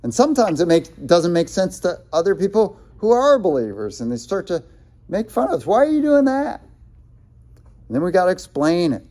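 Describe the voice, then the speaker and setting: A male pastor delivers a sermon in a loose, conversational way, quoting scripture and often stopping to restart a thought. His voice is a little high for a man but soft and mellow. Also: very animated, brisk. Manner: conversational, many fillers and restarts, quotes scripture.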